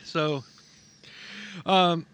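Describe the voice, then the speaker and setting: A man co-hosts a true-crime podcast in a loose, joking way, laughing often as he tells the story. His voice sits a little higher than most men's and is recorded close and dry, with no room sound. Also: steady tone, drawn-out words, a bit bright, clean tone, no echo. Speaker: podcast co-host.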